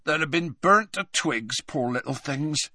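A man voicing a huge, hairy gamekeeper with rough, folksy speech in a storybook reading. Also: medium pitch, huge pitch swings, normal speed, sharp tone, no echo, studio quality, pitched above the performer's own voice, heavily acted. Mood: sad. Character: huge hairy male gamekeeper, gruff and kindly.

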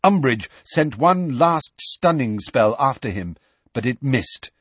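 A man reads a story aloud in a measured, expressive way, his voice husky with lively rises and falls. The recording is dry and close, with no room sound. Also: mid-range voice, no room sound. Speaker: audiobook narrator. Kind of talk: scripted narration.

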